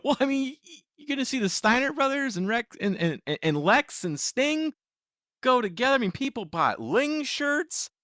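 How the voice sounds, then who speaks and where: A man's voice: extremely high pitch, sing-song, normal speed, pushed and bright, no echo, studio quality. Playful man co-hosting a podcast. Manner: playful, joking, laughing. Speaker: podcast co-host. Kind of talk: casual chat recapping wrestling.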